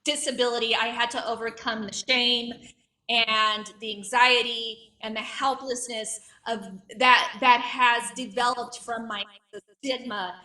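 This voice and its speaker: Performing stand-up in her late thirties, this comedian stutters, with repetitions and blocks, and pokes fun at herself in a wry way. The mic sits some distance away from her high, bright voice. Her delivery is flat and slightly slow.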